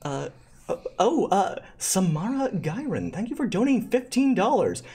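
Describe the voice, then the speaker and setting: A game master narrating a tabletop game on a live stream, talking haltingly with many fillers and thanking donors. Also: mid-range voice, sing-song, dark tone, breathy edge.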